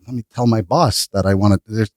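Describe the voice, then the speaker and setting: A man talking as a podcast guest, blunt and animated, swearing freely as he tells stories about his business. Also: on the low side, a little fast, dry recording, clean studio sound. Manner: blunt, profane, animated storytelling. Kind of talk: casual interview chat.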